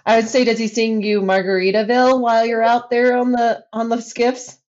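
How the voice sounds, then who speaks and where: Eager woman host, somewhat high voice. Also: flat delivery, brisk, darkish tone, highs cut off. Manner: eager, prompting questions. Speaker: podcast host. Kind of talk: casual interview.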